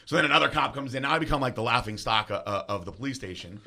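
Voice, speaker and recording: Fast, bright-voiced man telling a wild story. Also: medium pitch, vocal fry, slight background noise. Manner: animated, acts out quoted voices, swears freely. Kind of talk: casual storytelling.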